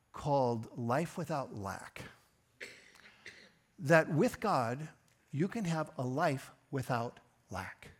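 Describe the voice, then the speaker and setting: A man preaching a sermon, earnest and personal, rising and swelling on key phrases and dropping soft at the ends of lines. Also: on the high side. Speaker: pastor.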